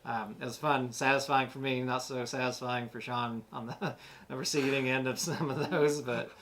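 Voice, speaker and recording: A man's voice: mid-range voice, fairly even intonation, normal speed, fairly bright tone, slight background noise. A man co-hosting a board game review, agreeing often and rambling as he searches for words. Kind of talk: casual review chat.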